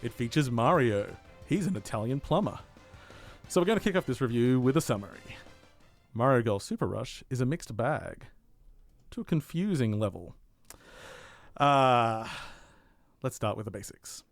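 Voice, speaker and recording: A man co-hosts a games podcast from a community radio studio, with a voice at an ordinary pitch for a man. He talks with eager, chatty enthusiasm and moves from loose banter into a read-out game review. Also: expressive, moderate pace, pauses often, faint music behind. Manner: enthusiastic, chatty, laughs easily. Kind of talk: casual chat, then read-out review.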